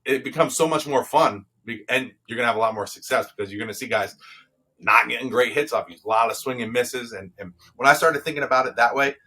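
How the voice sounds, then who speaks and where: A young man, a guest coach in a casual interview, telling stories in an animated way. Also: mid-range voice, quick pace, husky. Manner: animated storyteller.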